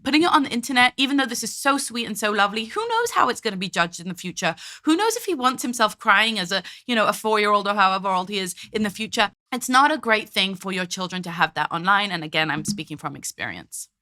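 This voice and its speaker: A woman's voice: medium pitch, expressive, fast talker, few pauses, pushed and bright. A woman host giving frank, chatty commentary on parenting video clips. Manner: frank, talkative, mimics parents in quotes.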